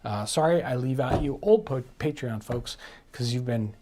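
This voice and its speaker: A man's voice: mid-range voice, moderate pace, background noise. A man hosting a casual live stream chat, rambling along with restarts, fillers and laughs.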